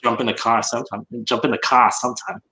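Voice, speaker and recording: A man's voice: mid-range voice, level tone, quick pace, sharp tone. A man co-hosting a casual livestream, easygoing and self-deprecating, speaking over a computer mic. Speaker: co-host of a reseller livestream. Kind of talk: casual livestream chat while working.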